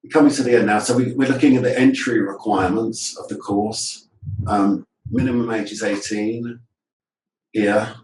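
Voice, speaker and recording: A man's voice: fairly low pitch, steady tone, normal speed, darkish tone, slight background noise. A male teacher trainer giving a webinar presentation on a video call. He explains points and drills words aloud, often asking rhetorical questions. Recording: echoey room audio from a distance.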